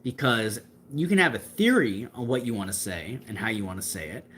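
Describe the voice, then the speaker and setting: This young man's mid-range voice comes with a little hiss or hum as he hosts a casual livestream and answers viewers. He talks a lot, uses his hands, and keeps restarting and dropping in fillers.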